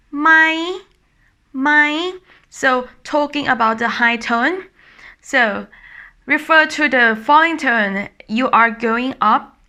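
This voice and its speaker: Casting note: young woman, Thai accent, language teacher, very slow and clear, bright, lightly raised voice. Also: a little high. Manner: slow, demonstrative, repeats each tone several times. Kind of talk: online language lesson.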